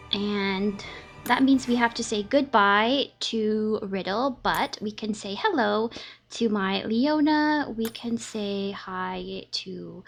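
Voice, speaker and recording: A woman chatting casually as she plays through a game, thinking aloud with lots of fillers. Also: mid-range voice. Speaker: gaming YouTuber. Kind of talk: casual gameplay commentary. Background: faint game music.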